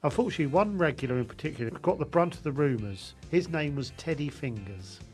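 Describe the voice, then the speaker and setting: A man's voice: a little high, expressive, faint music behind. A man co-hosting a comedy podcast, teasing his co-hosts, swearing and reading out listener letters. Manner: teasing, swearing, quick to laugh. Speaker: podcast co-host.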